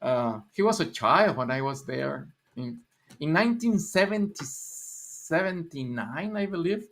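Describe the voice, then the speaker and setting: A man's voice: a little high, fairly bright tone. A man in his sixties from Mexico, Spanish-accented, rambling through stories in a casual livestream chat with frequent laughs and repeated words. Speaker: livestream guest.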